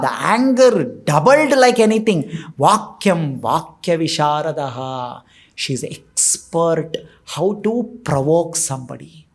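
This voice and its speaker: Animated man explaining scripture. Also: high voice. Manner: animated storytelling, explains Sanskrit verses. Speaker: temple preacher. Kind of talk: scripture discourse.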